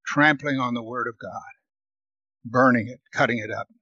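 Working through a Bible passage verse by verse, a man reads the scripture forcefully, louder and higher, then offers commentary, repeating words to stress them. He speaks at a normal speed in a steady, slightly rough voice. The highs are cut off and there's no room sound.

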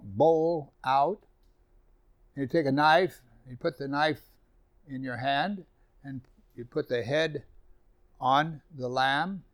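A middle-aged man preaching a conversational sermon, acting out little everyday scenes as he goes. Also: mid-range voice. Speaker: pastor.

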